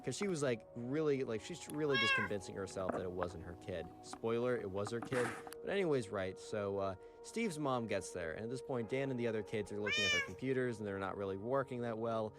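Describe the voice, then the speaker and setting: A man's voice: fairly low pitch, lively intonation, fairly quick, hardly any pauses, loud music behind the voice. A man casually narrating a story, talking in a chatty way full of "like" and "right".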